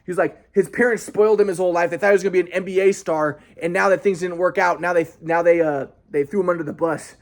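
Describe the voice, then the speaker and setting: A man's voice: high-pitched, steady tone, quick pace, few pauses. A young man telling a rambling personal story in a casual monologue, with many restarts and quoted asides.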